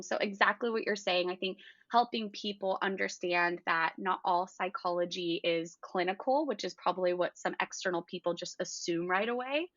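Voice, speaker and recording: Bright-voiced woman, upbeat podcast guest. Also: medium pitch, no room sound, dull audio. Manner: articulate, upbeat, laughs often. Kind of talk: casual interview conversation.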